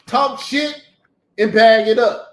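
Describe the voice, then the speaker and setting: A man's voice: very high-pitched, takes it slowly, a bit bright, roomy sound. A man, hosting a casual talk and telling stories in a blunt, profane way. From Southern United States. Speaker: host. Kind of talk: casual chat.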